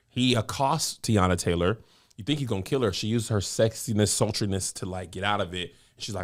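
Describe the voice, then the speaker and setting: A man with a lowish voice chats as a podcast co-host. He retells stories with animation, slipping into little voices for quotes. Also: normal speed. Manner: animated storyteller, acts out quotes. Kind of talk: casual chat.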